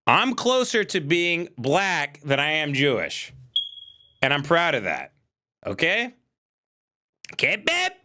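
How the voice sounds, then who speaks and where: Bright-voiced man ranting on a livestream. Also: on the high side, sing-song, unhurried. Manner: profane, exasperated ranting; shouts at times. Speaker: livestream host. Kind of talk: casual ranting monologue. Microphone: desk mic.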